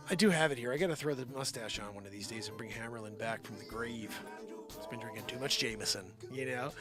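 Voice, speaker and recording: A man hosting a live show and rambling jokily, often sliding into impressions. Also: medium pitch. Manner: rambling, jokey, slips into impressions. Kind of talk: improvised comedic livestream rambling.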